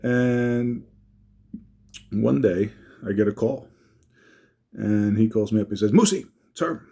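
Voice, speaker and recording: A man telling a heartfelt personal story, halting, with many fillers and restarts. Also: lowish voice, little pitch movement, gravelly, mellow.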